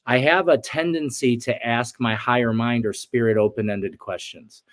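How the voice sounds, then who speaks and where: A man's voice: mid-range voice, steady tone, normal speed. A man in his forties, a shaman guest on an interview show, telling a personal story earnestly and acting out his past outbursts.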